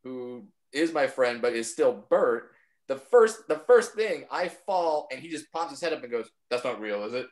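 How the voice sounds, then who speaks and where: A man, a comedian guest on a podcast, telling stories in casual chat and slipping into quick impressions of friends. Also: a little high, rough recording. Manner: storytelling, animated impressions.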